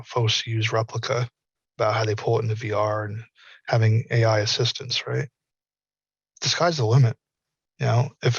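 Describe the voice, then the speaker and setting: A man from the American South speaks earnestly and folksily, acting out bits of imagined dialogue. His voice is gravelly and a little husky, heard on dull, dry lo-fi audio. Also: medium pitch, no echo. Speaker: guest. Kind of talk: casual panel talk.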